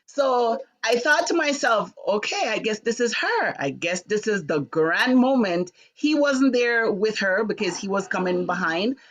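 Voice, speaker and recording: Animated woman telling a personal story. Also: medium pitch, a little slow, hardly any pauses. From Jamaica. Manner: animated, acts out voices in quotes, rising to sharp indignation. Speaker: host of a live talk show. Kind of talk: personal storytelling on a live stream.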